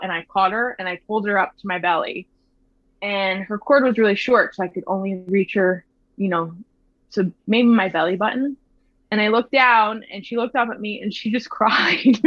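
In a quiet, thoughtful tone, a woman in her thirties shares the story of giving birth, frequently stopping, starting over and filling gaps with fillers. Her voice sits at a middle pitch. The sound is close and dry, slightly muffled and dull, with no room sound.

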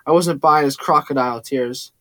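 Male first-person audiobook narrator, steady, dry studio sound. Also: medium pitch, moderate pace, no echo.

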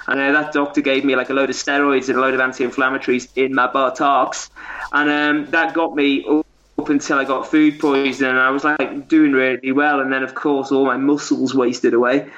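A man's voice: mid-range voice, little pitch movement, fairly quick, fairly bright tone. A man, a guest, telling a story in a casual, rambling way with lots of fillers and restarts. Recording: dull lo-fi audio.

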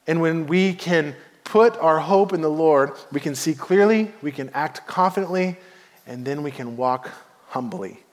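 A man preaching a sermon as pastor, telling a story and swinging between hushed and emphatic delivery. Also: a little high, expressive, moderate pace. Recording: long hall reverb.

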